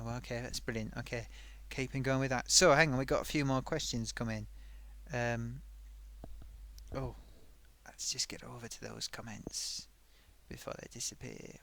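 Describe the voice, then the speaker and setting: A live stream host voices a chatty sock puppet, reading viewer comments in a rambling way and humming to himself as he reads. His medium-pitched voice is fairly bright and lightly acted, with slight background noise.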